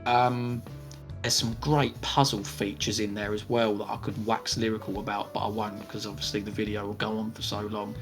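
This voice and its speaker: Measured man co-hosting a podcast. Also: lowish voice, level tone, soft background music. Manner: measured, hedging, thinks aloud. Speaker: podcast co-host. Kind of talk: casual Q&A chat.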